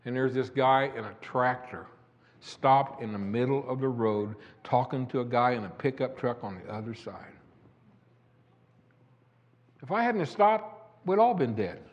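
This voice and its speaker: Dull audio in an echoey hall carries an older man's expressive, mid-range voice at a moderate pace. He's preaching, recounting a personal testimony folksily and climbing into emphatic declamation.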